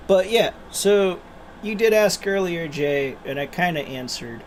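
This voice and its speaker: A man's voice: high voice, lively intonation, measured pace, slight background noise. A man hosting a gaming channel, talking animatedly in casual let's-play commentary and laughing at himself.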